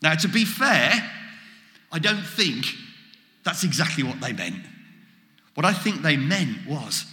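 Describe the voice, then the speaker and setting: A man preaching a sermon, animated, acting out quoted exchanges as he goes. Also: a little high, slow, pauses often. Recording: echoey hall with long reverb.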